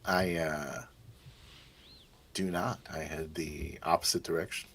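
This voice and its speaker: A man's voice: rumbling low, fairly even intonation, slow, a bit bright, slight background noise. A man playing in a casual tabletop role-play, joking and laughing, mimicking beeps. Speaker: player.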